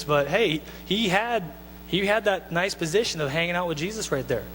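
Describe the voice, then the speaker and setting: High-voiced pastor preaching in a reverberant hall. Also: male voice, normal speed, soft background music. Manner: animated, conversational preaching with asides and restarts. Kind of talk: sermon. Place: church sanctuary. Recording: long hall reverb with faint mains hum.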